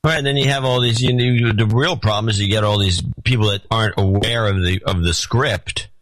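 Low-ish guy reading donor notes on a podcast, dry matter-of-fact, close dead sound. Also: brisk, fairly bright tone, no echo, rough recording. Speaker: podcast co-host. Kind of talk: casual podcast chat.

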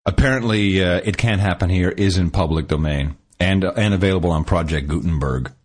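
A man talks in a relaxed, rambling way, often breaking off and starting over. His voice sits somewhat low. The sound is easygoing podcast conversation. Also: brisk. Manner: rambling, restarts sentences, laughs often. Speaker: podcast co-host. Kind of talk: casual chat.

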